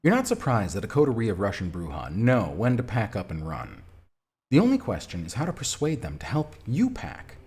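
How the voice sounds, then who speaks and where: A man streaming a text adventure game, reading the story aloud and chatting casually about his choices in a lively, self-mocking way. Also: on the low side, fairly quick.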